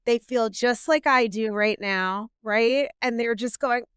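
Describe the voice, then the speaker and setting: Female therapist, middle-aged, earnest interview guest; clear resonant voice, dead-dry sound. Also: on the high side, measured pace, no echo. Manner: warm, earnest explaining with quoted self-talk. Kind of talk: interview conversation.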